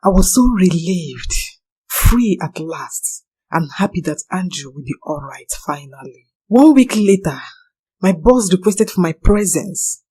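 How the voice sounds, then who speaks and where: Husky-voiced woman narrating. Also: lowish voice, animated, a little slow, warm tone. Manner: earnest, anxious. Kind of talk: first-person confession narration.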